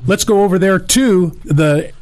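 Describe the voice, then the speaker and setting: Brisk higher-voiced male radio co-host. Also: a little mellow. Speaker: radio talk show co-host. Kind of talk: talk radio hosting.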